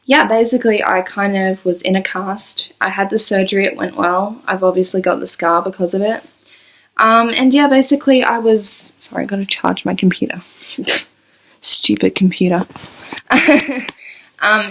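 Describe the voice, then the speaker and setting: A woman's voice: mid-range voice, a bit bright. A woman, rambling and apologetic as she tells an emotional personal story into her laptop. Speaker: vlogger. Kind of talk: personal confessional vlog.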